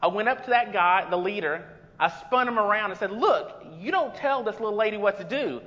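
A man's voice: sits high, lively intonation, fairly quick, bright, forceful tone. A man voicing a boastful man newly arrived at heaven's gate in a joke within his sermon. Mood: boasting. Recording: long reverb, dull lo-fi sound.

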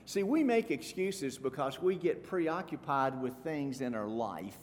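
A man's voice: fairly high pitch, big pitch swings, normal speed. Man preaching in an echoey hall. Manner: emphatic, swinging from soft asides to loud stresses. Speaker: pastor. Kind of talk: sermon. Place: church sanctuary. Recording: echoey hall with faint room noise.

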